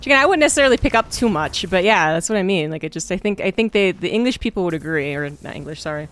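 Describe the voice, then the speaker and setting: Woman, Mid-Atlantic American accent, from Virginia, gaming streamer, casual chat, swears freely, slightly low voice. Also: animated, quick pace. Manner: chatty, swears freely, thinks out loud.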